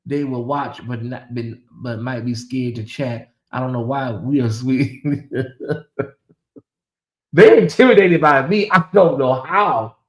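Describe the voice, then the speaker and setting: A middle-aged man hosting a casual livestream, talking straight to his chat in an animated, teasing way. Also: mid-range voice, slow. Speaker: livestream host. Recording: echoey room.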